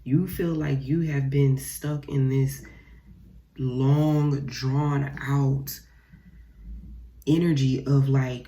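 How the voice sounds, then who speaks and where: A woman's voice: extremely low pitch, steady tone, extremely slow, pauses often, warm tone. A young woman giving a casual tarot reading, blunt and profane, repeating phrases and talking straight to her viewers. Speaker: tarot reader.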